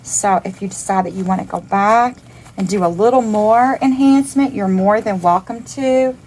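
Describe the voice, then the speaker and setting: A woman's voice: medium pitch, normal speed, a little mellow, slight background noise, rough recording. Chatty woman teaching a craft. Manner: chatty, upbeat, calls things cute. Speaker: craft instructor. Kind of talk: step-by-step craft demonstration.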